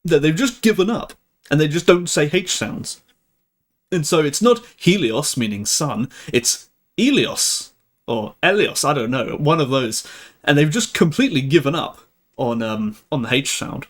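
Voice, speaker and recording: A man's voice: on the high side, animated, moderate pace. A young man hosting a live stream, chatting casually with viewers, laughing often and restarting his sentences. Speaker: livestream host.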